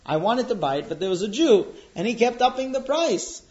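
A man's voice: sits high, big pitch swings, brisk, a little mellow, voice pushed up. A man voicing a defiant young Roman servant, with brash, slangy talk. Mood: defensive. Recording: dull lo-fi recording.

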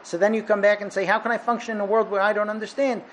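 A man teaching a Torah lesson, explaining with a parable and acting out its dialogue with animated delivery. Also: high voice, rapid-fire, a little hiss or hum, low-quality recording. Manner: animated, acts out dialogue in the story. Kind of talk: lecture with parable storytelling.

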